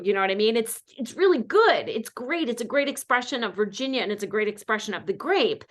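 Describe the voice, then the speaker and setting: A woman from North Carolina hosts an online wine class, talking casually and warmly to her patrons. She rambles a little, full of fillers and asides. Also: fairly high pitch. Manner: chatty, animated, many fillers. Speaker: host. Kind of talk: casual chat.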